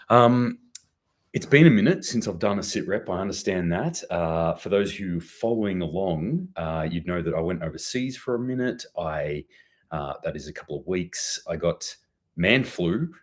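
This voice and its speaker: A young man hosting a preparedness news show in casual, rambling commentary, his voice a bit worn from a recent cold. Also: low-pitched. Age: young adult. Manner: rambling, swears casually, self-deprecating asides. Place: chilly new home office.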